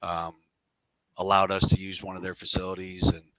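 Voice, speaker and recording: A middle-aged man with a fairly low voice tells a long story as a podcast guest. He talks candidly and loosely, drifting into side remarks and casual slang. The sound is dry and close, with no room around it. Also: monotone, normal speed, a bit bright, dry recording, rough recording.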